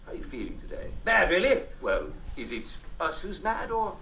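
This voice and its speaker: A man's voice: high-pitched, wildly swooping pitch, normal speed, gravelly, slight background noise, exaggerated voice. An actor playing an upbeat, showy male talk show host with an English accent and chuckling TV patter. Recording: roomy, distant, dull game audio.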